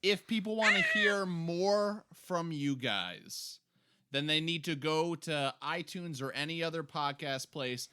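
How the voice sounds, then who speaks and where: A podcast host putting questions to guests in a friendly manner. The voice is mid-pitched with a lively swing, and the pace is slow. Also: slight background noise. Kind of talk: interview.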